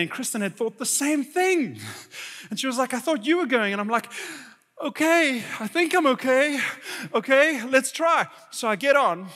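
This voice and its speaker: High, bright-voiced pastor in a reverberant hall. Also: male voice. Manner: animated, self-mocking, acts out his own reactions. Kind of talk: storytelling sermon. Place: church hall. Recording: live church hall reverb.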